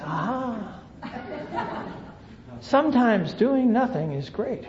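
High-voiced man telling funny stories. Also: unhurried, long pauses, background noise. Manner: humorous, animated storyteller. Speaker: recovery speaker. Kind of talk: storytelling talk to a meeting. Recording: roomy, muffled hall recording with audience.

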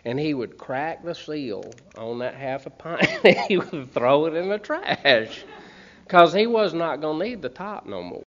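Sharing his recovery story, a middle-aged Southern man from Montgomery, Alabama, tells funny personal stories to an audience with folksy charm, frequently asking "okay?" and saying "man." His voice is medium-pitched and fairly bright, captured in a slightly muffled recording.

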